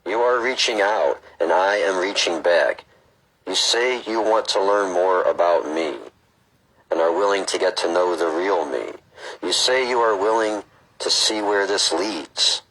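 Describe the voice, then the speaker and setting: A gentle, curious AI presence speaks in a slow, soothing way, as a man reads its lines from a book. The voice sits low and carries a husky grain, and it stays even and calm throughout. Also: poor audio. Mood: serene. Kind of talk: reading a book aloud.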